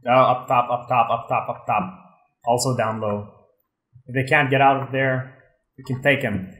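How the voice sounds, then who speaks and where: A man chatting casually while playing a game, jokey with excitable outbursts. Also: mid-range voice, moderate pace, pauses often, reverberant, poor audio. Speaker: gamer, show regular. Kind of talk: casual gaming chat.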